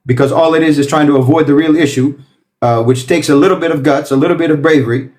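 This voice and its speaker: A man's voice: fairly high pitch, fast, a little mellow. A man giving an impassioned political talk, emphatic and lecturing, piling up repeated phrases. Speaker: political commentator.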